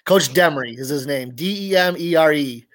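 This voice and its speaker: A man's voice: fairly high pitch, moderate pace, a bit bright, no echo. Rambling male podcast guest. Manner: rambling, with many restarts and asides. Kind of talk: casual chat.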